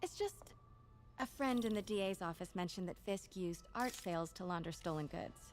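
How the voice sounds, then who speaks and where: A woman's voice: fairly low pitch, moderate pace, faint music behind, natural voice. A woman playing a curious young reporter. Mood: probing. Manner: soft, often whispered asides. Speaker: game character. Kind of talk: video game voice acting.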